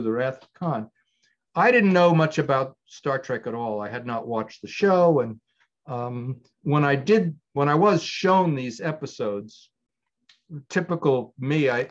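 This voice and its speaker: A man's voice: medium pitch, lo-fi sound. An older man, a writer-director, answering interview questions in a thoughtful, digressive way with frequent restarts.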